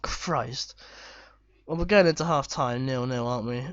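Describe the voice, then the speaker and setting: A man commentating live on his football management game, excitable and swearing when chances are missed. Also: medium pitch, unhurried, dry recording, lo-fi sound. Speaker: gaming YouTuber.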